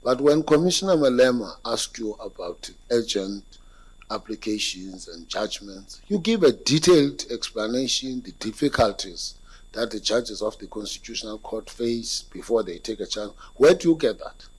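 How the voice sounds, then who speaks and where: A man's voice: lowish voice, animated, moderate pace, slightly rough, poor audio. A South African man on an interview panel, probing a candidate's answers with hesitant questions.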